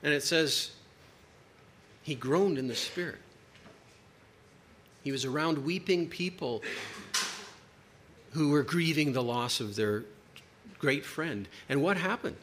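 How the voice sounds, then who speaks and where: A man preaching a sermon to a congregation, emphatic, with dramatic pauses. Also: on the high side, a bit bright, a little hiss or hum.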